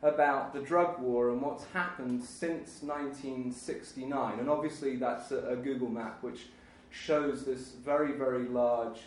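A man's voice: medium pitch, fairly even intonation, unhurried, a little hiss or hum. Middle aged guy lecturing, emphatic, lots of restarts, big echoey room, mic far off. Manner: emphatic, rambling, many restarts and asides. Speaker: history lecturer. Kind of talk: academic lecture.

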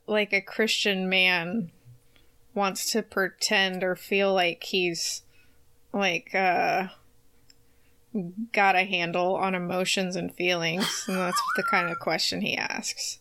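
A woman co-hosting a casual chat, laughing often and filling pauses with "like" and "uh". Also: fairly low pitch, big pitch swings, bright, forceful tone. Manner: giggly, laughs often, filler-heavy. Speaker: podcast co-host.

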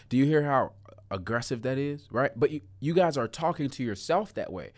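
A man's voice: mid-range voice, lively intonation, brisk, a little mellow. A man giving a self-help talk to viewers in an earnest, coaching way, repeating key phrases and stretching words for emphasis. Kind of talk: motivational talk to camera.

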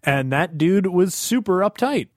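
Encouraging man with a slightly high voice. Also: a little slow, no echo, studio quality. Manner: relaxed, encouraging, coaching others. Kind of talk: casual chat.

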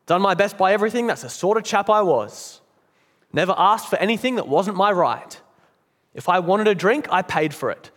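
A man's voice: high voice, in a large hall. A man voicing a big, coarse male ghost from hell who insists on his rights in a blustering, self-righteous way.

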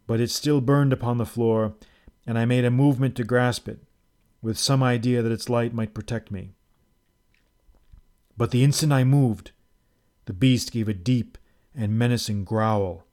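A man narrating a first-person story aloud in a measured, dramatic reading. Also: medium pitch, fairly even intonation, a little mellow. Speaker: audiobook narrator.

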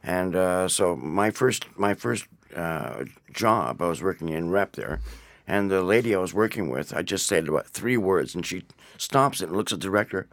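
A Canadian stage actor telling theatre anecdotes in a studio interview. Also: male voice, low voice, animated, normal speed, dry recording.

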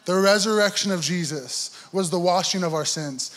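A man's voice: high-pitched, normal speed, fairly bright tone. A young adult man giving a heartfelt testimony in church, telling his story earnestly and acting out his inner dialogue. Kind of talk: sermon testimony.

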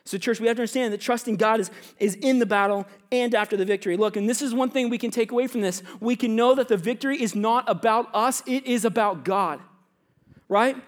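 A man's voice: extremely high pitch, fairly quick. A man in his thirties, a youth pastor preaching a sermon in a conversational, storytelling way. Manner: conversational, storytelling preacher who acts out little scenes; often drops to quiet, hushed tones in anecdotes. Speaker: pastor of students and young adults.

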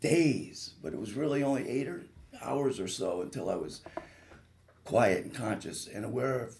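A man's voice: mid-range voice, lively intonation, moderate pace, gravelly, a little mellow, a little hiss or hum. A man, a surgeon, telling a guest on a radio talk show the personal story of a grave injury, earnest and vivid. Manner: earnest, vivid retelling with rising intensity at peak moments.

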